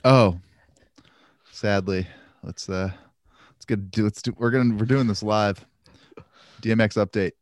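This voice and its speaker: A man's voice: on the low side, fairly even intonation, measured pace, long pauses, dry recording, clean studio sound. A man co-hosting a casual podcast, rambling and joking as he talks. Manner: rambling, joking, full of fillers. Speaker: podcast co-host. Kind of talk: casual chat.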